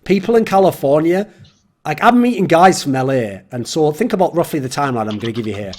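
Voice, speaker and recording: A man's voice: fairly high pitch, expressive, fast. A man with an English accent hosting a casual round-table chat, ranting and swearing, with mocking put-on voices. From England. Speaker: host.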